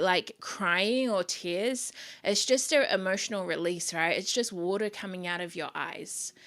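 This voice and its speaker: A woman's voice: on the low side, a bit bright. A young woman hosting her own podcast, talking casually, candidly and from the heart, with plenty of swearing. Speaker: podcast host. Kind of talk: casual solo podcast monologue.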